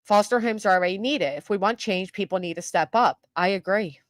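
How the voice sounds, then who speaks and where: A woman's voice: medium pitch, a little fast, no echo. An older woman hosting a true crime livestream, reacting casually to viewer comments and news clips with frequent fillers and restarts.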